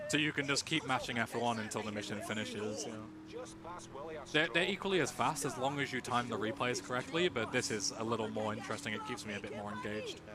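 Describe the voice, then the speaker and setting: A young English man with a mid-range voice talks fast, casually commentating his own game speedrun for a live audience. He's chatty and relaxed, joking with viewers, over noisy event stream audio.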